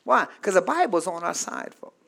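A man preaching a sermon in call-and-response style, repeating lines and asking the congregation to say them back, swinging between soft asides and shouted climaxes. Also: high voice, sing-song, normal speed, gravelly. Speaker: pastor.

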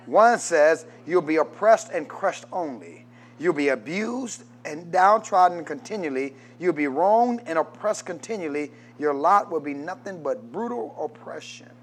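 A man preaching a sermon, reading scripture and rising into shouted call-and-response with the congregation. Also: fairly high pitch, animated, unhurried.

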